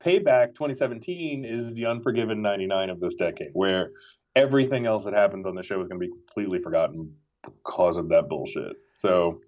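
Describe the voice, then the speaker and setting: Low-voiced man, wry podcast guest. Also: a little fast, darkish tone, a little hiss or hum. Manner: wry, sarcastic, repeats phrases for emphasis. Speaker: wrestling writer guest. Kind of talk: casual podcast conversation. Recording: dull lo-fi audio.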